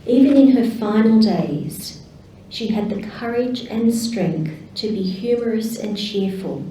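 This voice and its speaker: A woman with an Australian accent, slowly reading tributes as celebrant at a memorial service. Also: mid-range voice, dark tone, slight background noise. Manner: slow, measured reading. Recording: very echoey hall, voice from a distance.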